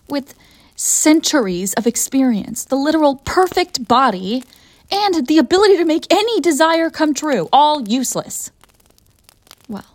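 A woman's voice: high-pitched, a little mellow, no echo. A woman playing a haughty, bored succubus. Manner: haughty and theatrical, defensive when pressed. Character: proud, bored, centuries-old female succubus. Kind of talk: audio role-play addressed to the listener.

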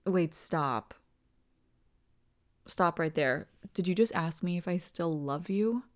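A woman in a whispered role-play as a doting partner, talking softly and tenderly and often dropping into whispers. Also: lowish voice, takes it slowly. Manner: soft, tender, soothing, slips into whispers. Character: doting, reassuring partner comforting the listener.

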